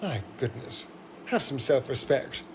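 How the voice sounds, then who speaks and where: A man's voice: medium pitch, lively intonation, unhurried, a little hiss or hum. A man voicing a sardonic, theatrical male vampire elf who drawls and condescendingly calls everyone darling. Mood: mocking.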